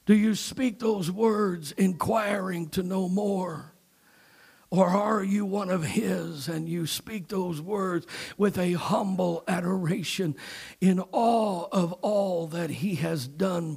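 A man preaching a Palm Sunday sermon, repeating "amen" and "uh," swinging between hushed whispers and shouted climaxes. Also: high voice, vocal fry, breathy edge.

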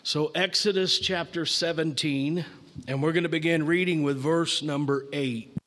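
Male preacher, high bright voice, slow emphatic delivery, long hall reverb. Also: steady tone. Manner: slow, emphatic preaching, rising in pitch and force on key verses. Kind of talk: sermon with scripture reading.

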